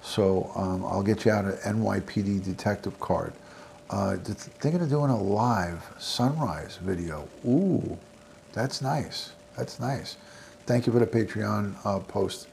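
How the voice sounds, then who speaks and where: A middle-aged man from the American South with a New York accent, hosting a livestream and rambling through friendly shout-outs to his chat. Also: on the low side, measured pace, gravelly, slight background noise. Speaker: livestream host. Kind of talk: casual livestream sign-off chat.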